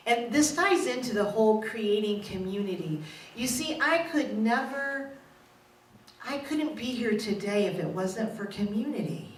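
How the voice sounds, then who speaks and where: A woman's voice: fairly high pitch, expressive, unhurried. A middle-aged woman minister giving a candid personal testimony sermon, self-mocking and laughing often. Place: church sanctuary. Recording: roomy echo, from a distance, faint noise.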